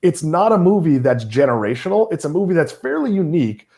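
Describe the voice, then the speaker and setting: A man's voice: a little high, big pitch swings, a little fast, mellow. A middle-aged man from Massachusetts hosting a casual chat, wry and teasing as he talks. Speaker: host.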